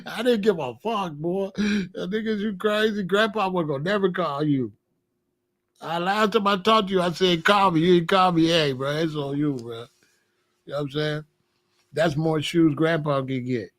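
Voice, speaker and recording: An older man, a grandfather vlogging to camera, casually scolds his grandson in a profane, taunting rant, laughing often and asking "you know what I'm saying?" His voice is on the high side, a bit bright, at a moderate pace.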